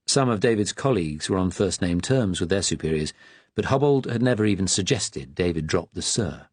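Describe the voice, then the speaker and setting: A man reading an audiobook in a measured, even narrating manner. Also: low-pitched, slightly rough, no room sound.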